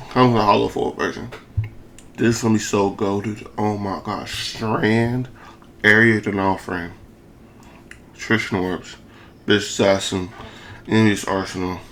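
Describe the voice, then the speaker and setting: A gaming video creator, a young man with a lowish, fairly bright voice, gives casual commentary over gameplay against slight background noise. He's hyped and slangy, and his speech is slurred with a lisp and peppered with repeated phrases.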